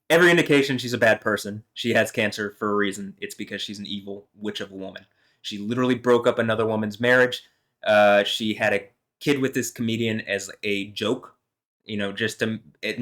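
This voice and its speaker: A man's voice: on the low side, a bit bright. A man vlogging alone, talking in a meandering, heated way with lots of fillers and some swearing. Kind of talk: rambling solo monologue.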